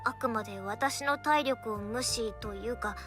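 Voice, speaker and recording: A woman's voice: a little high, brisk, a bit bright, faint music behind, natural voice. A woman voicing a flustered, scolding young girlfriend in a visual novel game, with a girlish anime delivery. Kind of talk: Japanese visual novel voice acting.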